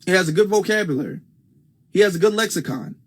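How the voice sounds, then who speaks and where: A man's voice: high-pitched, expressive, fast, slightly rough. A man with a Midwestern US accent hosting a casual livestream on a phone, emphatic and repeating his points for stress. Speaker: livestream host.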